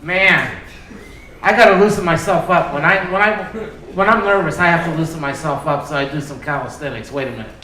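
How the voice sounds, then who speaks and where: High-voiced man doing stand-up. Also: brisk, background noise. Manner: self-deprecating, loose, profane. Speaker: stand-up comedian. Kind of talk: stand-up comedy set. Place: comedy club stage. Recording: echoey club with crowd laughter. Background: audience laughter.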